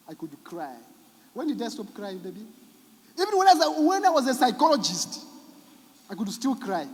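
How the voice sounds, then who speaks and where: A man, a psychologist giving an emotional, preaching-style talk at a church event. He moves between loud exclamations and very soft lines. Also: extremely high pitch, big pitch swings, moderate pace, pauses often, a little hiss or hum. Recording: reverberant hall.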